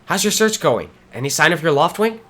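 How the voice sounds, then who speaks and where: A man reading aloud the lines of a cheerful, earnest young girl companion from a game, in a gentle, encouraging way. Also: on the high side, big pitch swings, fairly quick, voice pushed up, exaggerated voice.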